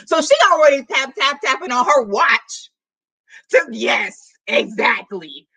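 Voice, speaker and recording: A chatty woman vlogger recaps a book in loose, slangy talk. Her voice sits a little high and swings widely in pitch. The tone is bright. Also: animated, unhurried, creaky, husky, low-quality recording. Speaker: book vlogger hosting a reading sprint. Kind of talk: casual chat, recapping a book.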